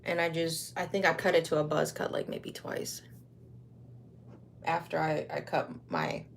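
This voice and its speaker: A woman's voice: low-pitched, fairly even intonation, measured pace, creaky, slight background noise. A young woman from Wisconsin chatting casually on a livestream while she crafts, rambling in slang.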